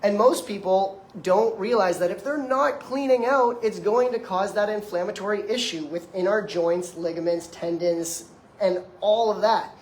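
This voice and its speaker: A man in his twenties, a detox practitioner, gives an emphatic, conversational motivational lecture, addressing the audience before him directly. His high voice moves at a moderate pace in an echoey room, with a little hiss or hum.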